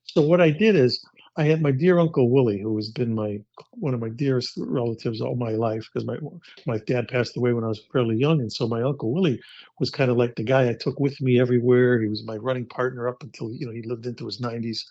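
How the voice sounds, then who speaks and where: Older man telling lively stories. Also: medium pitch, quick pace, no echo. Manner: animated storyteller who acts out quotes and repeats words. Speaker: guest, actor. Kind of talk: casual interview storytelling. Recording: dry, slightly muffled podcast audio.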